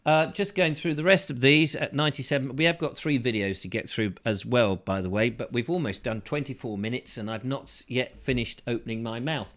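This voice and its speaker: A man hosting a casual chat show, reading out viewer comments with playful, silly asides and sudden falsetto bursts. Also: brisk, hardly any pauses, fairly bright tone.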